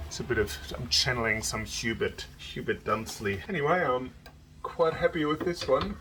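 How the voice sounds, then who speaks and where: A man with a strikingly bright, forward voice at an ordinary middle pitch talks his way through a day in his indoor workshop. He is chatty and rambling, dropping jokes between tasks. A faint hiss sits behind him. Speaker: violin maker. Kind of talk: casual workshop vlog narration.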